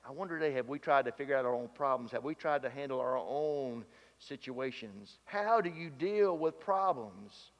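Folksy preacher in a reverberant hall. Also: male voice, mid-range voice, moderate pace. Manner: folksy, animated preaching with rhetorical questions. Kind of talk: sermon. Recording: dull sound with long hall reverb.

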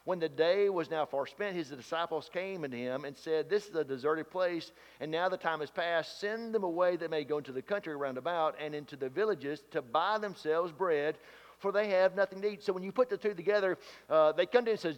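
Folksy preacher in a reverberant hall. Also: male voice, on the high side, brisk. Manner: folksy, animated preaching with rhetorical questions. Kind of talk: sermon. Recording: dull sound with long hall reverb.

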